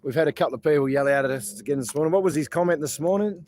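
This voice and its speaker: This Australian protest livestream host talks rapid-fire in a fairly high, darkish voice, rambling and swearing between laughs. The casual outdoor stream sounds dry, and he keeps up a chatty, profane flow.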